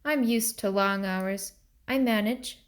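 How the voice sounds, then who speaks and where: A woman's voice: mid-range voice, slow pace, close to an everyday voice. A woman voicing a timid but proud young mill girl in a storybook reading, speaking deferentially. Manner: hesitant, deferential, then defiant.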